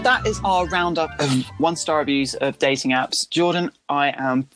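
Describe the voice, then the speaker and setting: A man's voice: fairly high pitch, moderate pace, loud music behind the voice. A man co-hosting a comedic podcast, sarcastic and ranting, swearing freely. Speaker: podcast co-host. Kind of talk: casual comedic chat.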